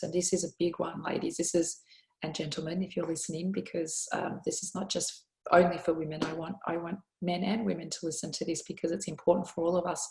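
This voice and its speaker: Female podcast host, low steady voice, earnest reflective monologue, roomy echo.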